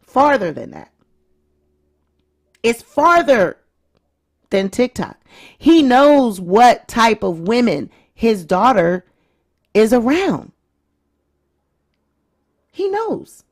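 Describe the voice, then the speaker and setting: A woman's voice: fairly high pitch, sing-song, very slow, long pauses. A woman hosting her own vlog, giving chatty, opinionated commentary straight to her viewers. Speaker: vlog host. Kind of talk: casual celebrity-news commentary.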